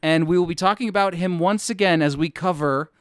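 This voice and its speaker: A man's voice: high voice, fairly quick, smooth, no echo. A man co-hosting a podcast in casual chat, rambling and swearing with frequent restarts. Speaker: podcast co-host.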